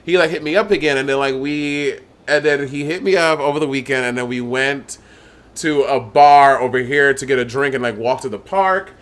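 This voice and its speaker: A young man co-hosting a podcast, chatting casually and profanely and mimicking others in high voices. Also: normal speed, fairly bright tone. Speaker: podcast co-host. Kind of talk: casual chat.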